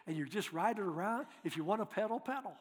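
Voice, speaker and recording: A man preaching as a guest speaker, telling folksy stories in an animated way and acting out voices. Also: high voice, quick pace, long reverb tail. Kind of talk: storytelling sermon.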